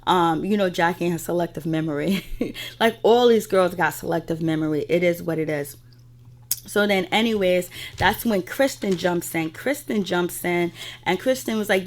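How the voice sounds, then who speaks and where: A woman's voice: lowish voice, normal speed. A woman in a casual spoken recap, chatty and opinionated, filling gaps with stock phrases as she goes. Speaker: reality TV recap host.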